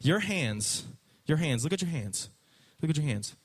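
A man preaches to a youth service in a casual, energetic way, repeating points for emphasis. His voice sits somewhat high for a man. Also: moderate pace, breathy edge. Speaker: youth pastor. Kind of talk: sermon.

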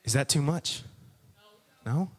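A preacher from Texas, a man, gives a joking sermon and talks straight to his audience in a playful, animated way. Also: on the high side, takes it slowly, husky.

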